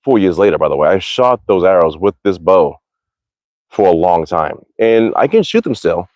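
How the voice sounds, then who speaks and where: A man chatting casually to viewers of his live stream, his voice sitting somewhat low. He rambles, swears freely and keeps correcting himself. The sound is close and dry, with no room echo. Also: very animated, normal speed, darkish tone. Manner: rambling, profane, self-correcting. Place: backyard outdoors.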